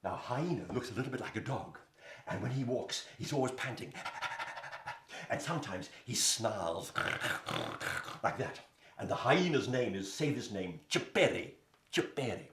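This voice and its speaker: A man's voice: mid-range voice, moderate pace, reverberant, a little hiss or hum. A man telling a story to children, inviting them to join in with sounds and moves. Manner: animated, invites the audience to join in.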